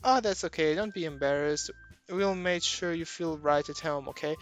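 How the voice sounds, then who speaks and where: Picture a bright, friendly schoolgirl club president, upbeat and encouraging, as a man reads her lines. The voice sits a touch higher than average for a man and rolls its R's. Soft game music plays faintly behind it. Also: moderate pace, lightly acted. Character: cheerful teen girl club president.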